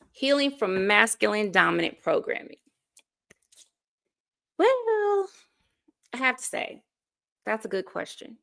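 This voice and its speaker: An American woman in her forties, a life coach, appears as a guest in a casual interview. Her mid-range voice is bright and pushed, with vocal fry, and she's earnest and full of stories, laughing between thoughts.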